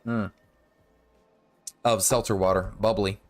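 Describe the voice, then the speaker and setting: A man's voice: lowish voice, steady tone, slow, soft background music. A man streaming a video game in a casual, rambling way, correcting himself and humming to himself, with a sore, cracking throat. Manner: rambling, self-correcting, hums and sings nonsense to himself. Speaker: gaming streamer. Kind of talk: casual live-stream commentary while playing.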